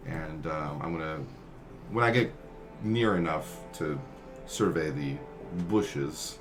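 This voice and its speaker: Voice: rumbling low, lively intonation, slow, music in the background. A player in a tabletop game, describing actions hesitantly and thinking aloud.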